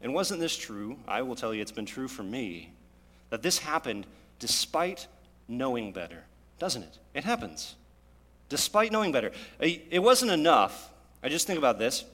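Guy preaching in a church, bright voice, dramatic storytelling, big echoey hall. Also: mid-range voice, very animated, moderate pace. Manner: dramatic storytelling with rising emphasis. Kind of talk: sermon. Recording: long hall reverb.

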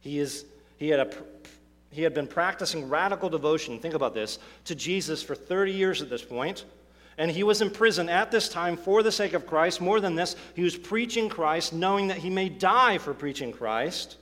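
A man's voice: on the high side, animated, normal speed, a bit bright. Emphatic preacher man in an echoing hall. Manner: emphatic, restarts words, asks rhetorical questions. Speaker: pastor. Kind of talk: sermon. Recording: long hall reverb.

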